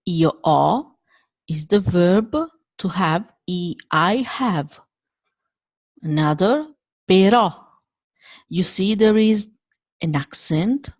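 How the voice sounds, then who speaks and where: A woman with an Italian accent teaching pronunciation, saying vowels slowly and carefully to demonstrate each sound. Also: low-pitched, darkish tone, no room sound. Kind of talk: language lesson.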